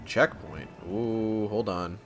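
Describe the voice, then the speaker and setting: A man's voice: lowish voice, slow pace, gravelly, fairly bright tone, slight background noise. A man giving casual, sarcastic commentary while playing a horror game, swearing often. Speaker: gamer. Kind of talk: let's play commentary.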